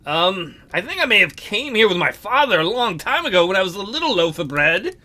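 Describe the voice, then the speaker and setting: A man's voice: sits high, very animated, fairly quick, bright, forceful tone. A man hosting a casual let's play, commenting on a game in a jokey, upbeat way.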